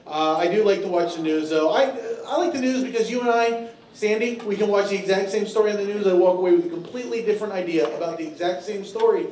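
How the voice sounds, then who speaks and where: A man's voice: sits high, fast, a little mellow. A man from Tennessee, doing a stand-up comedy set in a drawling, storytelling way with lots of fillers. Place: comedy club stage. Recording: echoey room from a distance.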